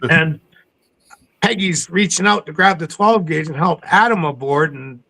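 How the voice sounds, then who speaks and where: A man from coastal British Columbia, a podcast guest telling stories in a casual interview, animated and acting out the people he quotes. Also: on the high side, measured pace, creaky, low-quality recording. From coastal British Columbia, Canada.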